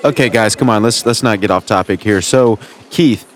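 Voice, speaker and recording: A man's voice: lowish voice, normal speed. A man hosting a comedic call-in sketch, patiently steering the conversation back on topic. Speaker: host.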